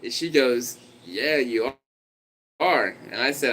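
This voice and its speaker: A man's voice: medium pitch, lively intonation, slow, a bit bright, slight background noise, poor audio. A man livestreaming, telling a story in a rambling, conversational way and talking to his dog.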